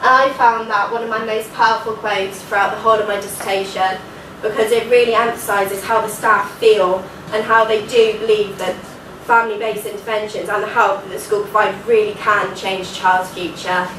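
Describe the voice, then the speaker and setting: A woman's voice: mid-range voice, little pitch movement, normal speed, noisy background. A young woman with a nasal voice giving an earnest academic presentation, dotted with casual fillers. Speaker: student presenter. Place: university lecture hall. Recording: echoey hall recording from far off.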